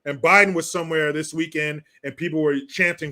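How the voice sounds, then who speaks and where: A man rants on a livestream in blunt, profane, mocking talk, stopping now and then to read out viewer comments. His voice sits a little high and sounds bright and forceful. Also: steady tone, a little fast. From California. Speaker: livestream host reading chat. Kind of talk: casual political rant.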